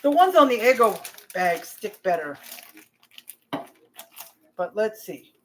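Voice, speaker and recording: A woman's voice: medium pitch, sing-song, slow pace, a little hiss or hum. A woman hosting a cooking vlog, rambling chattily and talking straight to her viewers from her home kitchen. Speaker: cooking channel host.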